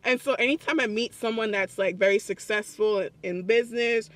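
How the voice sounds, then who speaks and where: Chatty high-voiced young man vlogging. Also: moderate pace, dry recording. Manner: excited, chatty, laughs often. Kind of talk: casual vlog storytelling. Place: public place.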